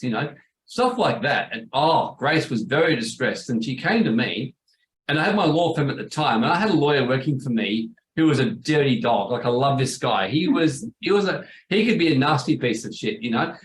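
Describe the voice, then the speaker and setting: A man's voice: medium pitch, expressive, moderate pace, reverberant, poor audio. A middle-aged man, a business coach telling a story in a casual interview and acting out the people he quotes. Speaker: business coach, former law firm owner.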